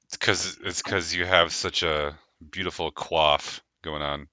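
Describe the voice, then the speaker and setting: A man hosting a live tabletop game stream as game master, talking casually with quick laughs and rambling restarts. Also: low voice, fairly even intonation, sharp tone, dry recording.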